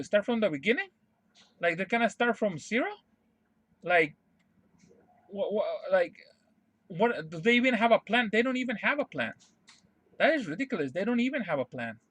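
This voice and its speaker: Guy streaming a rant, high voice, cussing a lot, keeps repeating himself, dry close mic. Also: a bit bright, no echo. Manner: profane, emphatic, repeats himself. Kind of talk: casual ranting monologue.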